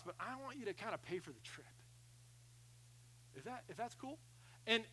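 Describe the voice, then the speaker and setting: A man preaching a sermon, animated, swinging from loud emphasis to quiet asides, often repeating phrases. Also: high voice, rough recording. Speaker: pastor.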